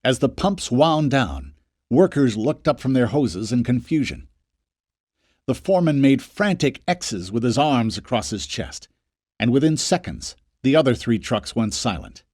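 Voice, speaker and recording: A man narrating an audiobook in a scripted, expressive reading. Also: medium pitch, a little slow, no room sound, studio quality.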